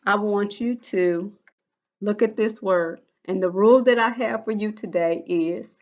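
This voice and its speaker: A woman teaching a recorded phonics lesson to first graders, slow and patient, repeating each rule in a drill. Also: medium pitch, darkish tone, dull audio.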